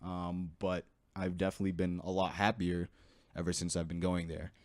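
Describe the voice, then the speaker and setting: A man's voice: low voice, little pitch movement, moderate pace, dry recording. Man, young adult, podcast co-host, joking casual chat, dry close sound. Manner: joking, playful banter.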